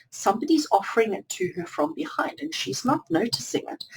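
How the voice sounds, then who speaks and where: A woman's voice: fairly high pitch, a little hiss or hum, poor audio. A woman giving a spiritual tarot reading to viewers, repeating phrases in long chains. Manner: repetitive, lists phrases in chains. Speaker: tarot card reader.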